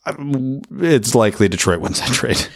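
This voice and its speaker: A man from Canada co-hosting a casual sports podcast, trading quick, opinionated banter. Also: mid-range voice, lively intonation, gravelly, slightly rough. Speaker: podcast co-host. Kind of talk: casual chat.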